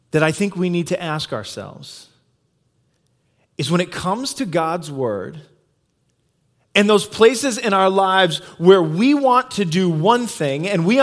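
A male pastor giving a sermon, retelling a story in a conversational, animated way. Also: high voice.

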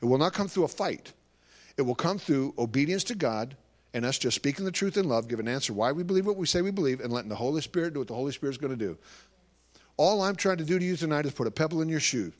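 A man's voice: a little high, lively intonation, fast talker. A man giving a live talk to an audience as a Christian ministry speaker, telling stories animatedly and acting out conversations.

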